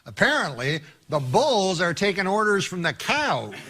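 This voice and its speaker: A man's voice: sits high, sing-song, moderate pace, heavy background noise. A man delivering comic fake news headlines in a dry anchor manner. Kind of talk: mock newscast delivery.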